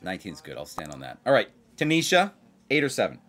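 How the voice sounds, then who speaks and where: A man hosting a blackjack video, chatting casually and excitedly as he plays. He repeats himself for emphasis and keeps talking straight to his viewers. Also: lowish voice, quick pace. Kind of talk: casual chat while playing blackjack.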